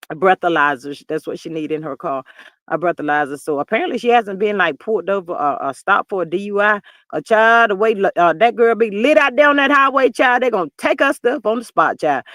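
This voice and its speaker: A man in his fifties hosting a livestream, chatting in an expressive way, reading viewer comments and often calling listeners "child". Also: sits high, no room sound, studio quality. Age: 50s. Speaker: livestream host.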